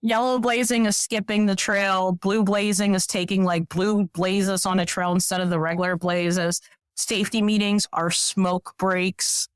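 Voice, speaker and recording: A woman guest on a podcast telling stories in a casual, animated way, acting out what people said. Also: medium pitch, measured pace, smooth, no echo. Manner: animated, acts out quoted voices. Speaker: podcast guest, professional hiker. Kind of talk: casual storytelling.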